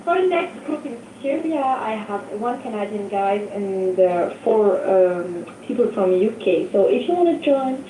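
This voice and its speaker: A woman with a French accent organizing group trips, chatting excitedly in a casual online group talk. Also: mid-range voice, measured pace, long pauses, roomy sound, recorded from a distance, slight background noise, low-quality recording. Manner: excitable, gushing. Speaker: travel organizer in group chat. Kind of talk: casual group audio chat.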